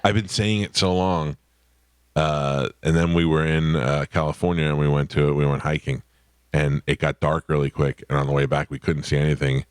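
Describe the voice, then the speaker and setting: A middle-aged man hosting a radio show, telling stories in deadpan, joking banter. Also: rumbling low, moderate pace, smooth, no room sound, studio quality. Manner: deadpan, joking, animated storytelling. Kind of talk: casual comedic banter. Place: radio studio.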